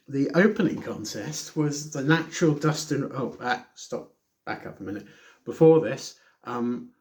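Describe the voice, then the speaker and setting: Rambling man, self-mocking and sarcastic. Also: mid-range voice. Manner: rambling, self-correcting, laughs at himself; sarcastic asides. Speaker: wrestling show reviewer. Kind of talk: casual solo review.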